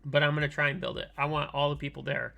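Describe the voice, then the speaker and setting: A man with a hoarse voice he says is going out, chatting casually with his viewers at the end of a keyboard-building livestream, with plenty of ums and easy laughs. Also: a little high, quick pace. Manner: relaxed and thankful, many ums and laughs. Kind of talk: casual livestream wrap-up chat.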